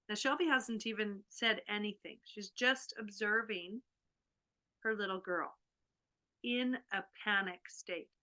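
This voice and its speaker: Woman host recounting a family story over a video call; bright, a bit high, animated. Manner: animated, acts out a child's panic. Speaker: workshop host. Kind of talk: storytelling to an online group.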